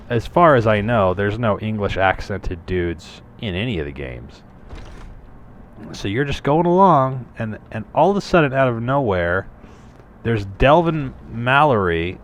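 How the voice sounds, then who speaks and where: A man talks over his gameplay in a relaxed, rambling way, tossing in curses and jokey asides. His voice sits very low. A faint hiss runs under the recording. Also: unhurried. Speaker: gameplay commentator. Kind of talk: casual gameplay commentary.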